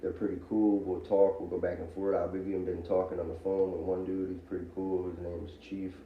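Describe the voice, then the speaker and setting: A former inmate in his thirties, now on parole, talks casually and candidly about his family, rambling loosely with many "likes" and other fillers. His voice is low and flat, a little fast. The audio is muffled and echoey, captured from a distance with faint hiss.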